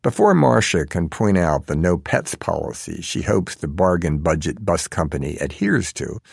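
A man's voice: deep voice, lively intonation, moderate pace, vocal fry, breathy edge, dry recording, clean studio sound. A man narrating an audiobook in a wry, sardonic manner.

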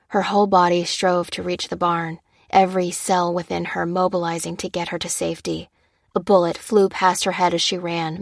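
Female narrator, low register, measured thriller read, dry studio sound. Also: vocal fry, dry recording.

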